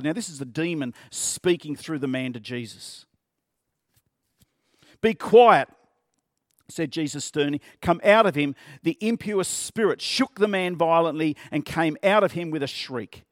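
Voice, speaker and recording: A man's voice: a little high, no room sound, clean studio sound. A male pastor preaching a sermon in an earnest, conversational way, often repeating words and asking the congregation questions.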